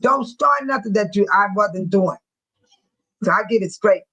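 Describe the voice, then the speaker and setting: A woman's voice: medium pitch, moderate pace, bright, forceful tone, husky, low-quality recording. A woman in her sixties hosting a livestream in casual chat, talking bluntly and telling stories with frequent laughs. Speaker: livestream host speaking to viewers.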